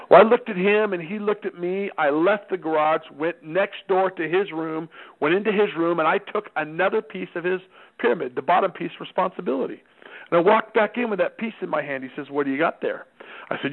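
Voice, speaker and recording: Gravelly-voiced man telling a family story. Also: fairly high pitch. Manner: folksy, anecdotal, acts out dialogue. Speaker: parenting seminar speaker. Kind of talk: storytelling talk. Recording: tinny phone-like radio sound.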